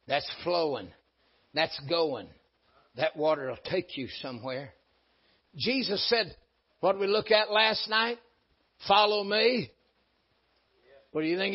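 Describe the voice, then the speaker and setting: A man preaches a folksy, emphatic sermon, swinging between loud peaks and low asides. His voice sits high and sounds husky. The recording is dull and lo-fi. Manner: folksy, emphatic preaching with sudden rises and drops. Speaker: pastor.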